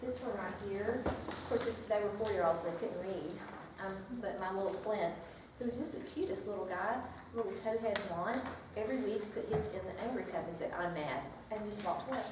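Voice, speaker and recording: A woman's voice: mid-range voice, a little fast, few pauses. Chatty woman teacher in an echoey room. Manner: lively, chatty, reads a picture book aloud. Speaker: teacher leading a workshop. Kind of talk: classroom workshop talk. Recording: echoey room from far off with noise.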